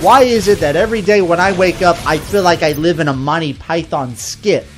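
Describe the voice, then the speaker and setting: A man's voice: fairly high pitch, fairly quick, close to an everyday voice. A fed-up caller, played by a man who complains in an exasperated and bewildered way, with plenty of swearing. Faint music sits underneath. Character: fed-up male caller complaining about life.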